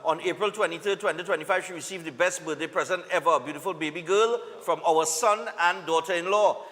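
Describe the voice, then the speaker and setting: A man's voice: a little high, brisk, a bit bright, long reverb tail. A Trinidadian man hosting a live morning TV show, reading birthday and anniversary greetings in a casual, upbeat way with local slang. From Trinidad and Tobago.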